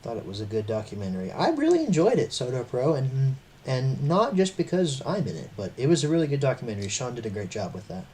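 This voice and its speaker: A man's voice: medium pitch, sing-song, fast talker, mellow. A young man hosting a casual chat, rambling and rattling off rankings. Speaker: channel host. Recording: faint background noise.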